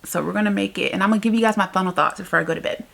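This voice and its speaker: A woman's voice: medium pitch, racing, gravelly, fairly bright tone, a little hiss or hum. A woman book vlogger chatting casually about a book she just finished, emotional and rambling, often laughing in exasperation. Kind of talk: casual reading vlog chat.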